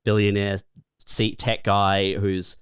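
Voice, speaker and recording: A man's voice: on the low side, level tone, slow pace, clean tone, dry recording. Laid-back man, dry close sound. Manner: laid-back, rambling with fillers and laughs. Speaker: podcast co-host. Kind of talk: casual comedic chat.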